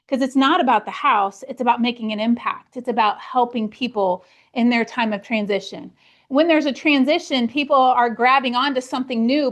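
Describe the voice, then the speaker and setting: High-voiced woman giving a team pep talk. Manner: earnest, storytelling, acts out her own past worries. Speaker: real estate team leader. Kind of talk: motivational team meeting talk.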